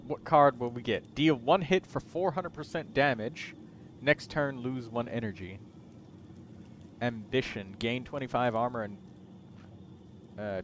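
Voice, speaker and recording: Man, game streamer, relaxed, reads game text aloud, faint room noise. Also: medium pitch. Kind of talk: casual gameplay commentary.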